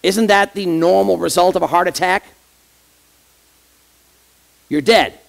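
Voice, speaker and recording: A man's voice: high voice, measured pace, vocal fry. A man, an associate pastor, preaching a conversational sermon in church and addressing the congregation directly with rhetorical questions.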